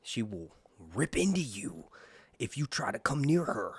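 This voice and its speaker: Man hosting a casual stream, animated pitch, dead-dry close mic. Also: measured pace, slightly rough, no echo. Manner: chatty, rambling, talks to his dog and viewers. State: out of breath. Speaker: livestream host. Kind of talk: casual livestream chat.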